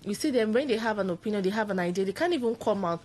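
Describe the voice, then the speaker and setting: A woman with a Nigerian English accent speaks as a guest on a radio talk show in a studio. Her voice has a middle pitch, and she makes her points in an earnest, persuasive way. At times she acts out the sharp, scolding voices of parents. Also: animated, very fast.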